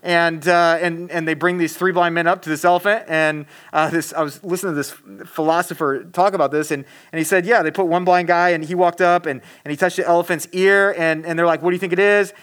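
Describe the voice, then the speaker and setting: Man, high voice, casual preacher, chatty and animated with fillers; talks right to the audience. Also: fairly quick, hardly any pauses. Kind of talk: casual sermon.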